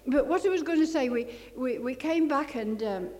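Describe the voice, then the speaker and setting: A woman's voice: sits high, mellow. Older woman preaching. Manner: rambling, halting with many fillers, rising to fervent exclamations. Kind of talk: testimony sermon. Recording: long hall reverb.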